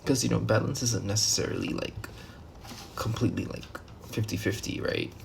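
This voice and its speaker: A man's voice: on the low side, very animated, normal speed, creaky, slight background noise. A man giving a casual tarot reading, rambling loosely with many fillers and restarts and the odd swear word. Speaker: tarot reader.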